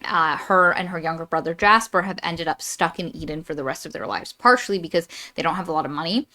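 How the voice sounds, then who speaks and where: A woman's voice: sits low, quick pace, pushed and bright. A woman co-hosting a casual book podcast, chatty and summarizing the plot with many restarts. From Florida. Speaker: podcast co-host.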